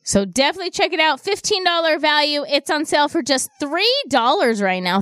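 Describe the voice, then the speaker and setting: A woman hosting a radio shopping show, pitching deals in a chatty way and repeating prices and names. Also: lively intonation, a little fast, few pauses, fairly bright tone, no echo. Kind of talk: upbeat radio deal pitch. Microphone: studio microphone.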